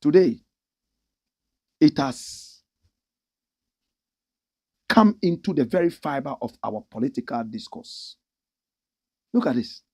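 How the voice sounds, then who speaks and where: A middle-aged Ghanaian man hosting an animated opinion commentary, impassioned and mimicking the people he talks about. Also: medium pitch, slow pace, pauses often, husky. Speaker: commentary show host.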